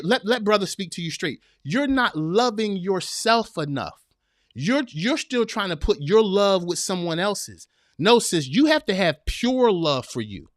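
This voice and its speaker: A man's voice: fairly high pitch, a bit bright, no echo, clean studio sound. A man hosting a live advice podcast in a direct, preachy way, repeating phrases for emphasis. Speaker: podcast host. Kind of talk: live-streamed advice talk.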